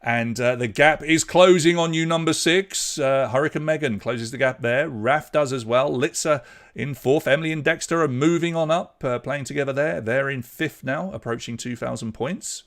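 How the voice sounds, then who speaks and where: A man's voice: medium pitch, normal speed, fairly bright tone. A man running an online pub quiz, reading out questions and leaderboard standings. He talks casually and fills the gaps with chatty jokes and asides. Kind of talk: live quiz hosting, casual chat.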